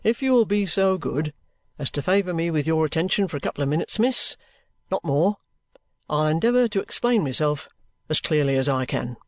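A man voicing a bluff, steady middle-aged ex-soldier who talks plainly and good-humouredly. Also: a little high, normal speed, dry recording, studio quality, voice pushed down, close to an everyday voice.

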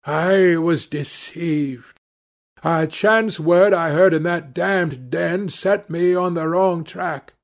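A man voicing a vengeful rough sailor who threatens slowly and with heavy emphasis. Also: a little high, voice pushed up. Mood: shaken.

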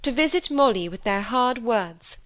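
A woman's voice: on the high side, lively intonation, moderate pace, fairly bright tone, voice pushed up. A woman reading an audiobook, voicing a wilful, proud young woman who talks with bitter passion. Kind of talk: audiobook character voice.

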